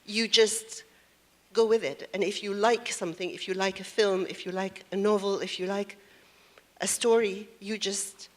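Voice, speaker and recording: A woman's voice: mid-range voice, fairly even intonation, normal speed. A woman speaking as a panelist in a panel discussion, thinking aloud and posing questions. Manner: reflective, poses questions.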